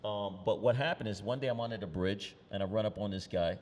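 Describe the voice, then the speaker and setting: A middle-aged New York graffiti artist on an outdoor panel shares loose, streetwise anecdotes, acting out what people said. His low, darkish voice moves fast, and a long reverb from the large space trails his words.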